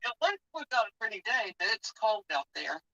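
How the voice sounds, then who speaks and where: A woman's voice: mid-range voice, sing-song, brisk, creaky, bright, forceful tone, no room sound, muffled recording. A woman with a Southern US accent, a friendly, chatty guest on a casual livestream.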